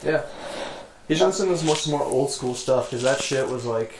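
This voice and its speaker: A man's voice: medium pitch, normal speed. A young man hosting a podcast, chatting casually and jumping in eagerly. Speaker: podcast host. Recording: roomy echo, faint background hum.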